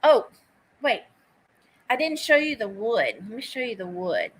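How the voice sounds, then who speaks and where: On a poor recording, a woman with a high, breathy-edged voice hosts a livestreamed vintage auction, very animated yet unhurried. She greets viewers by name while taking bids, chatting casually and dropping light asides.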